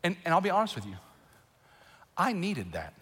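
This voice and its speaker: A man preaching a sermon as pastor, emotional and animated, with bursts of laughter and raised emphasis. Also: high-pitched, normal speed, breathy edge. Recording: long reverb in a large hall.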